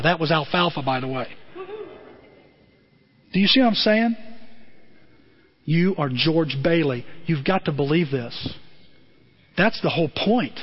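A man giving a lively motivational talk to a group, calling on listeners by name. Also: sits high, dull audio. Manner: animated, addresses listeners by name.

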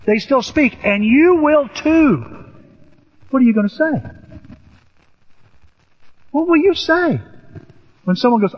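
Older pastor preaching in an echoey hall. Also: male voice, very high voice, slow, long pauses. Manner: animated, storytelling with sudden rises. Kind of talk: sermon. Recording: echoey hall, dull lo-fi sound.

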